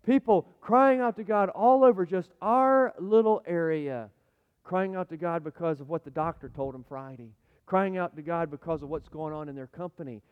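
A man preaching a sermon as pastor, dynamic, swinging between loud appeals and hushed asides. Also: fairly high pitch, moderate pace, smooth. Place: church sanctuary. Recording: echoey hall, dull lo-fi sound.

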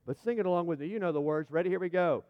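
A man preaching a sermon, emphatic and building to loud peaks as he speaks. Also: high-pitched, very fast. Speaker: pastor. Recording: dull sound, long hall reverb.

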